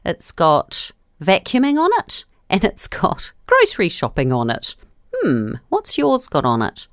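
A woman radio host chats playfully with young listeners, her voice swooping up and down as she stretches out each phrase. She talks slowly, and the sound is close and dry. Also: mid-range voice, dry recording. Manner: playful, drawn-out and lively. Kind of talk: casual radio chat to listeners.

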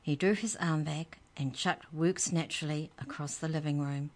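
A woman reading a children's story aloud with slow, expressive narration. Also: low voice.

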